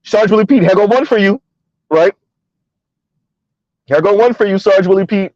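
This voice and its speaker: Chatty man with a higher voice. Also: moderate pace, darkish tone, no echo, highs cut off. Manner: chatty, laughs often, keeps asking "right?". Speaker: commentary channel host. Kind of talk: casual commentary while driving. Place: inside a car on the road.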